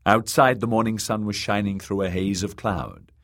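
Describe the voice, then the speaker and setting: A man narrating an audiobook in a measured, dramatic reading. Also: fairly low pitch, fairly even intonation, fairly bright tone.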